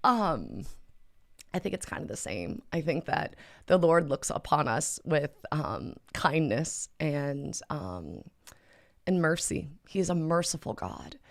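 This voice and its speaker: A woman hosting a casual question-and-answer video, talking gently and conversationally with frequent fillers and restarts. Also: sits low, very animated, slow. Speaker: host answering viewer questions; mother. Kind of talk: casual spoken Q&A.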